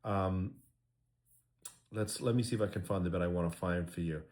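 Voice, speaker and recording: A middle-aged man with a somewhat low voice gives casual spoken commentary as a lawyer. He is earnest and speaks with many ums, uhs and restarts. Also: normal speed, a little mellow. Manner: earnest, repeats himself, many fillers.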